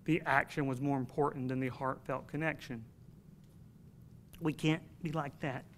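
A man's voice: medium pitch, fairly even intonation, moderate pace, slight background noise. A man preaching a sermon to his congregation in an earnest, emphatic way, telling a personal story.

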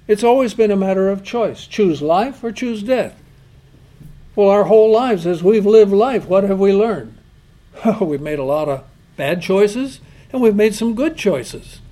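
A man's voice: high voice, a little slow, warm tone. A man preaching a sermon, emphatic, asking rhetorical questions and quoting God and scripture.

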